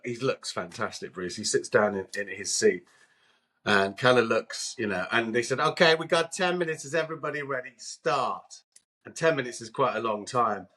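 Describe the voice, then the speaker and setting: A man in a podcast conversation telling a long anecdote, animated and acting out the lines of the people in it. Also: on the low side, moderate pace, husky. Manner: animated, acts out quotes. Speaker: podcast co-host and guest. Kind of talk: anecdotal storytelling.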